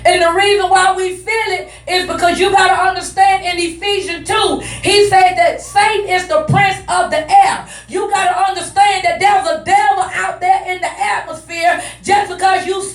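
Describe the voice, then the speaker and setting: A woman preacher delivering a loud, emphatic sermon that repeats its points, heard through an echoey hall. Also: extremely high pitch, fairly even intonation, normal speed, few pauses. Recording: echoey hall, mic at a distance.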